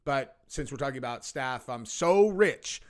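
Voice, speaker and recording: A man's voice: medium pitch, animated, unhurried. A man giving casual, sarcastic reaction commentary and mocking what he hears.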